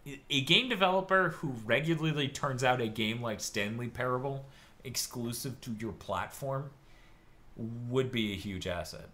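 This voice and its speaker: A young man co-hosting a gaming podcast in loose, jokey chat. His pitch swings widely as he talks, and his voice has a bright, forward edge. He swears freely and riffs with his co-hosts. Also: animated, normal speed. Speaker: podcast co-host. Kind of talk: casual chat.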